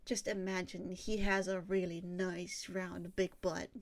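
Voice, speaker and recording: A young woman with a fairly low, level, unhurried voice chats casually on a livestream while she draws. The streamer rambles, laughs often, and swears freely.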